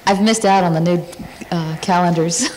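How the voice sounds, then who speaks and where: A woman's voice: lowish voice, normal speed, background noise. A woman architect on a discussion panel, stating her views firmly and emphatically. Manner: firm, emphatic statements.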